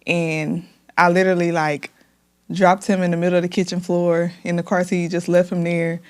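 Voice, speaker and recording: A woman's voice: fairly low pitch, flat delivery, normal speed, clear, resonant tone. A young woman, a hairstylist guest on a podcast, telling her own life story in a candid, heartfelt way with many "like" fillers. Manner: emotional, heartfelt, frequent "like" fillers.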